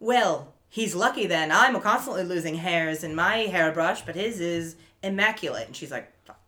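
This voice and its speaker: Bright-voiced woman recapping a show. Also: fairly low pitch, moderate pace. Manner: animated storyteller, laughs often, swears casually. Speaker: podcast co-host recapping a TV episode. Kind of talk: casual chat, retelling scenes with quoted voices.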